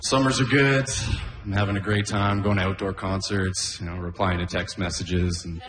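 A man's voice: deep voice, fairly even intonation, normal speed, fairly bright tone, echoey room. A man from northern Canada doing a stand-up set on a live stage in a dry, laid-back way. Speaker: stand-up comedian.

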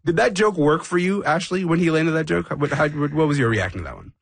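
A man hosts a casual podcast chat, his voice a little husky and close to a dry mic. He talks in an animated way, thinking out loud and leaning on filler words. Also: a little high, quick pace, no room sound. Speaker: podcast host. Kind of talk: casual discussion of comedy.

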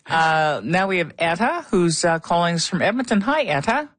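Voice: mid-range voice, expressive, moderate pace, a bit bright, dry recording. Call-in radio host, chatty, curious, laughs easily, dry studio sound.

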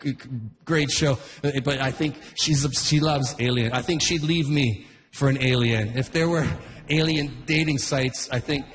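A man's voice: mid-range voice, moderate pace, in a large hall. A man in his forties doing a rambling stand-up routine, often breaking off his own sentences. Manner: rambling, self-interrupting, chuckles between bits. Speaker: stand-up comedian.

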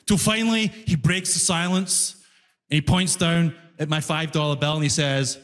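A young man doing a stand-up comedy set, telling a story in an animated, exasperated way in a large concert hall. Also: on the high side, moderate pace. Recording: live hall reverb, faint room noise.

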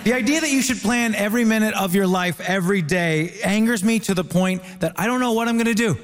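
Dry male comic from Ontario, high-voiced, in an echoing hall. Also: a little fast. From Ontario, Canada. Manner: dry, wry, self-mocking. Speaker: comedian debater. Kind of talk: stand-up comedy on stage. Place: theatre stage. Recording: reverberant hall with noise.

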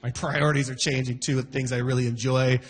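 A man in his forties doing a stand-up comedy set, shouting character voices for punchlines. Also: medium pitch, little pitch movement, fast talker.

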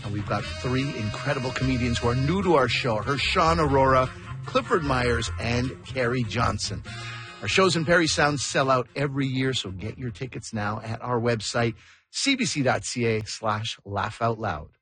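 A man's voice: medium pitch, expressive, normal speed, fairly bright tone. Man, radio host, upbeat scripted read, music in the background. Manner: upbeat promotional announcing. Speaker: radio comedy show host.

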